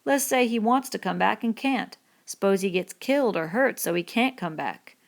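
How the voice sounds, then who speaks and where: A woman's voice: medium pitch, animated, moderate pace, pitched above the performer's own voice. Woman reading as a bitter, lonely stable hand. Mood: needling. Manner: rough rural dialect, brooding and needling. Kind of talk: audiobook reading.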